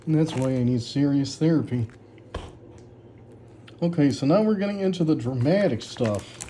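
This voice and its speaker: Reviewing his own old story, an author laughs often as he sarcastically mocks the writing in casual commentary. He speaks at normal speed in a mellow, expressive voice on the high side, with a little hiss or hum present.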